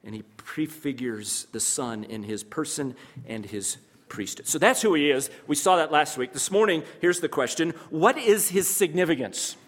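A man preaching an expository sermon as pastor, swinging between loud emphasis and hushed asides, repeating key phrases and asking rhetorical questions. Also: mid-range voice, normal speed. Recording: long hall reverb.

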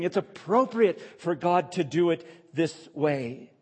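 A man's voice: fairly high pitch, expressive, measured pace, few pauses, a little mellow, breathy edge, in a large hall. A male pastor preaching a sermon, emphatic and repeating key phrases for stress.

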